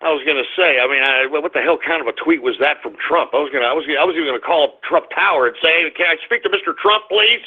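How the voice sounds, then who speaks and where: A man hosting an internet radio show, ranting with profanity and shouting outbursts. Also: fairly high pitch, fast talker, few pauses, husky. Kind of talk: call-in internet radio rant. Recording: tinny phone-line quality.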